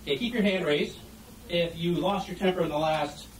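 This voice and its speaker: A man's voice: a little high, moderate pace, background noise. A man giving a humorous talk on stage about being a parent, telling stories with animation and asking the audience questions. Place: event hall before an audience. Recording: echoey room heard from a distance.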